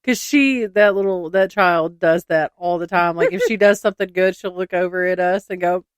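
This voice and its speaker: A woman co-hosts a casual podcast, giggling as she tells anecdotes and reads strange state laws aloud, calling her listeners "y'all." Her voice is on the low side at a normal speed, recorded cleanly in a studio with no echo.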